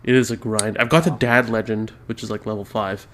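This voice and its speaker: A man co-hosting a podcast, relaxed and explaining things in detail in casual chat. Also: on the low side, brisk. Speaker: podcast co-host.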